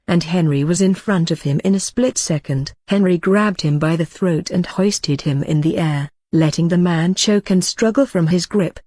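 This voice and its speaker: A woman reads a horror audiobook in a steady, measured narration. Her voice sits low and the recording is dry and close. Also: no echo. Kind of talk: scripted narration.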